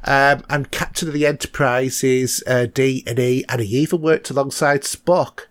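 A man's voice: mid-range voice, fairly even intonation, moderate pace, dry recording. A man with an English accent, co-hosting a podcast and casually recapping a TV episode, chatty and hesitant with lots of fillers. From England. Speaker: podcast co-host.

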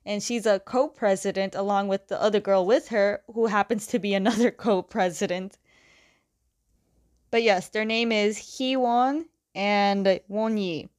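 A woman's voice: mid-range voice, steady tone, measured pace, a little mellow. A young adult woman casually recapping a story's plot in a loose, chatty way, with lots of fillers. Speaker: comic book reviewer.

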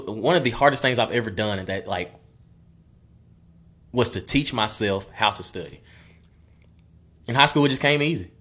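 A man's voice: mid-range voice, a bit bright, slightly rough. A young man, a former college football player telling his story earnestly and repeating phrases as he goes. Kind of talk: personal storytelling.

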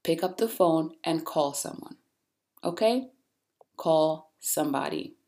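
Low-voiced woman giving blunt podcast encouragement. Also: takes it slowly, vocal fry. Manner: blunt, animated, preachy encouragement. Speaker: podcast host. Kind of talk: casual motivational monologue.

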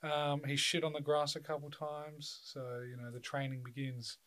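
A man's voice: a little high, little pitch movement, moderate pace, fairly bright tone. Swearing young man telling stories. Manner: loose, swearing storyteller who laughs often. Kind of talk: casual chat.

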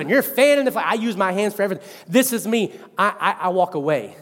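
A man in his thirties preaching a sermon as pastor, animated and conversational, with self-mocking asides. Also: sits high, fast talker, hardly any pauses, in a large hall.

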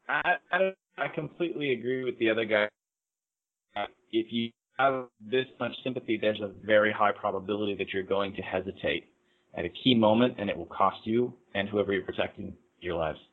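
Man, podcast co-host, analytical, hesitant, lowish voice, tinny phone-like sound. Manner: measured, analytical, hesitant fillers. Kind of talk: casual anime discussion.

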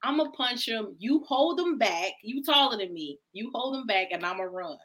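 Loud, bright-voiced roasting woman. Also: on the high side, animated, normal speed. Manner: loud, playful, roasting, laughs a lot. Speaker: co-host. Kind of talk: casual podcast banter.

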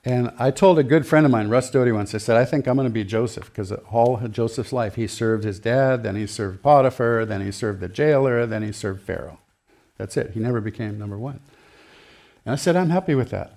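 A man's voice: mid-range voice, brisk, gravelly, a little mellow. A middle-aged male pastor preaching a sermon in a chatty, storytelling way, laughing often and acting out quotes.

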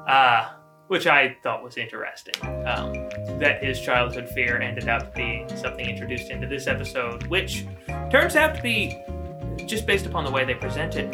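Chatty rambling male podcast host. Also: medium pitch. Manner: rambling, chatty, loses his words. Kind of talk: casual chat.

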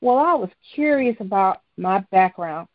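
A woman's voice: mid-range voice, animated, moderate pace, no room sound, lightly acted. A woman reading a storybook voices an earnest, insistent young adult daughter pressing her mother for answers. The recording is dry and slightly dull. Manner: pleading, then demanding.

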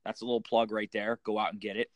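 A man's voice: lowish voice, little pitch movement, fast, no room sound. A man co-hosting a podcast, telling blunt stories full of swearing in casual chat.

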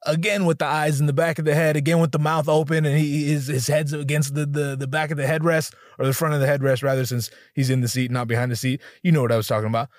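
Brief: young male comedian, high-leaning voice, dry close sound, profane and animated storytelling. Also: fast, hardly any pauses, no echo. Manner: animated, profane, acts out quotes in shifting voices. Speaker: stand-up comedian. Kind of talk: stand-up storytelling.

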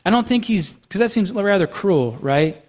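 A male pastor with a notably high voice preaches a conversational sermon, often turning to his listeners with quick check-ins. His voice rings out with a long reverb through a church sanctuary. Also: animated, a little mellow. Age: young adult to middle-aged, has young kids. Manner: conversational, asks the congregation "right?" and "okay?".

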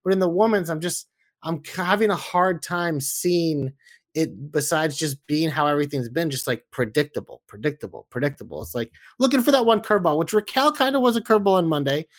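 A man co-hosting a wrestling podcast, talking through his ideas in a measured, hedging way. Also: a little high. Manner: measured, thinking aloud with hedges. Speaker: podcast co-host. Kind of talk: casual wrestling podcast chat.

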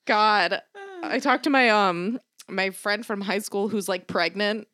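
A woman's voice: medium pitch, unhurried, bright, forceful tone, no echo, clean studio sound. Sarcastic young woman in rambling chat. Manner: sarcastic, rambling, acts out quotes with a jumpy voice. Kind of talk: casual chat.

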